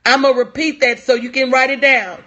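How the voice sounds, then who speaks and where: A woman's voice: high-pitched, level tone, moderate pace, sharp tone, lo-fi sound. A woman life coach giving a motivational talk on a live stream, repeating lines for emphasis and calling out viewers by name. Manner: talks to viewers in chat by name.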